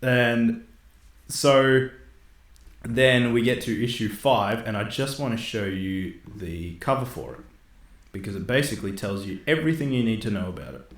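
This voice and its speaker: A man casually recapping a comic story to a co-host, animated and laughing often. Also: lowish voice, moderate pace. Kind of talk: casual chat. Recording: echoey room.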